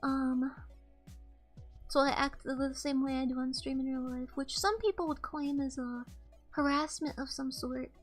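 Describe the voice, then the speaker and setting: High-voiced young woman, flat monotone chat. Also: moderate pace, soft background music. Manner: quiet flat monotone delivery. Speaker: VTuber streamer. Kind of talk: casual livestream chat. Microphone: desk streaming mic.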